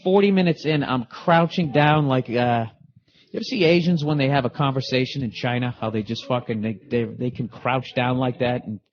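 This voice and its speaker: A man's voice: mid-range voice, moderate pace. A middle-aged man hosting a podcast, delivering a profane, heated, rambling comedic rant. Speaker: podcast host. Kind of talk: ranting comedic monologue. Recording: dull lo-fi recording.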